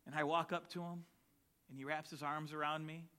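A man preaching a sermon as a pastor, emphatic and building to shouts on key lines. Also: on the high side, fairly even intonation, a little fast.

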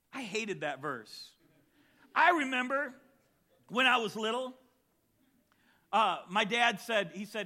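A man preaching a sermon as a pastor, emphatic and building to shouts on key lines. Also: sits high, very animated, normal speed, long pauses.

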